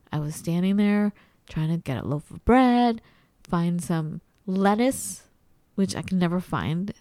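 Woman chatting, lively storyteller, dry close sound, acts out the quotes. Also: lowish voice, no echo. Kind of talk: casual chat.

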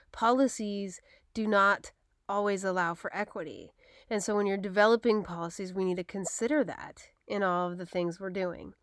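A woman's voice: mid-range voice, fairly bright tone, clear, resonant tone, dry recording, studio quality. A woman in her thirties, a mother, telling a personal story in a frank, upset way, acting out the dialogue as she retells it.

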